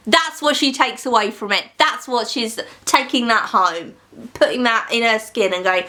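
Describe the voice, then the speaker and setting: A woman from the United Kingdom giving an animated, slightly ranty book review in a casual, chatty way, laughing between points. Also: a little high, moderate pace.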